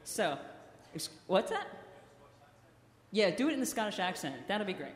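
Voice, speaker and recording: Between songs in a concert hall, a woman singer playfully teases and coaxes the crowd through a stage microphone, joking around. Her medium-pitched voice swings widely in pitch at normal speed with frequent pauses, and the live hall is echoey with music.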